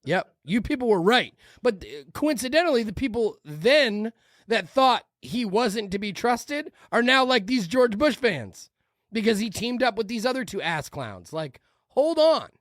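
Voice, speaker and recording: A woman's voice: fairly high pitch, animated, unhurried, no room sound, clean studio sound. A woman hosting a podcast, reacting to a video in a heated, profane rant. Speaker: podcast host. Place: podcast room.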